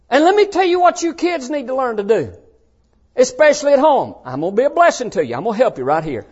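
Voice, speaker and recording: An older man preaching a folksy sermon to young people, swinging between shouted points and hushed asides. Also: very high voice, very animated, quick pace, breathy edge. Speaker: pastor. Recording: dull lo-fi sound.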